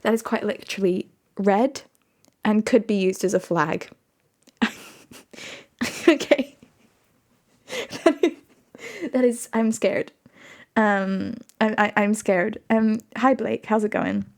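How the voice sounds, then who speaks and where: A woman's voice: medium pitch, animated, takes it slowly, pauses often, a little mellow. A young woman streaming live, chatting casually with viewers in a giggly, rambling, self-mocking way. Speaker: livestreamer.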